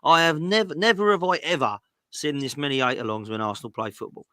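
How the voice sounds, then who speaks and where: A man talking football in a bright, forceful voice. He chats directly and gets animated when he mocks rival fans. The sound is dry and close. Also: on the high side, fast talker, no echo. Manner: chatty, direct. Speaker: co-host. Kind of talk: casual football podcast chat.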